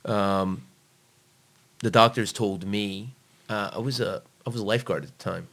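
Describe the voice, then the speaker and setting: A man's voice: fairly low pitch, normal speed, a bit bright. A man telling stories in a casual chat, blunt and emphatic, swearing often. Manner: blunt, heavily profane, emphatic.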